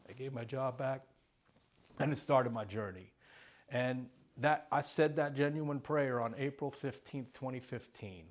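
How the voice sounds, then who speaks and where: Brief: middle-aged man, earnest recovery-talk speaker, emotional, short bursts, mid-pitched. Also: a little slow. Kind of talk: personal testimony talk.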